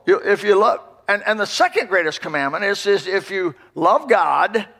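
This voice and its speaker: A pastor delivering a sermon, telling a folksy story with emphatic repetition. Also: male voice, high-pitched, bright, forceful tone.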